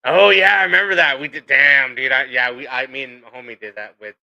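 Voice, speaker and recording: A man's voice: mid-range voice, fairly quick, vocal fry, pushed and bright, low-quality recording. A man hosting a podcast in loose, casual chat, swearing and laughing through a story. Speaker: podcast host.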